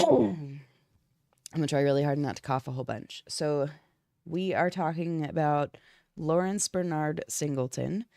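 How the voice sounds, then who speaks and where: A woman's voice: sits low, measured pace, gravelly, dark tone, dry recording, studio quality. A woman who is sick and congested, co-hosting a true-crime stream in a casual, swearing chat. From Florida. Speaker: podcast co-host. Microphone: streaming desk mic.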